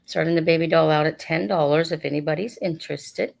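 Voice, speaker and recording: Low-voiced woman hosting a chatty sale. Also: fairly even intonation, fairly quick, creaky, a little mellow. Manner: chatty, rambling, with many fillers. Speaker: online sale host. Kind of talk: casual live sale patter.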